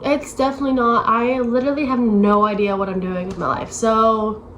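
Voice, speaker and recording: A vlogger in her late twenties rambles to camera at home on the way to her desk, self-deprecating and packing in "like" fillers. Her voice is a little high, a bit bright and fairly quick with fairly even intonation, on a low-quality recording with slight background noise.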